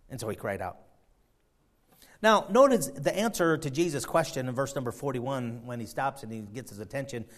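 A man preaching a sermon, swinging from quiet, slow reflection to loud, climbing exhortation, often repeating words as he builds. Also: medium pitch. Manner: repeats and restarts phrases while building intensity.

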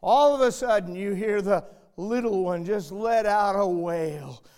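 An older man delivering a sermon from the pulpit. His voice sits fairly high and he takes his time over every phrase, pressing hard on key lines before sinking to a near hush. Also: unhurried, clean tone. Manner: emphatic, swinging from loud to hushed. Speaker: pastor. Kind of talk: sermon with storytelling.

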